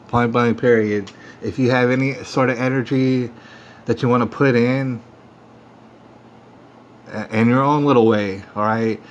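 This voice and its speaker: A man hosting a livestream, talking straight to viewers in a defiant, repetitive rant that keeps working itself up. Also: mid-range voice. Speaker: livestream host. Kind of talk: ranting monologue to viewers. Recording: dull lo-fi phone stream audio with faint noise.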